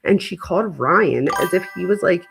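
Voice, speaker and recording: A woman in her thirties hosts a relaxed chat and tells a story with plenty of filler words. Her voice has a gravelly rasp to it. Her pitch rises and falls freely from line to line. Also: moderate pace, soft background music. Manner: chatty storyteller, lots of "like" fillers. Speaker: host. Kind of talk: casual chat.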